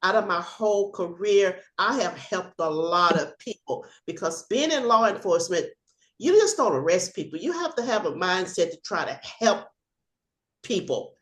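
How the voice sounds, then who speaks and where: Older woman, ex-cop, animated storyteller, video call audio, echoey room. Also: on the low side, normal speed. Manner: animated storyteller, acts out shouting and laughs. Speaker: retired police officer.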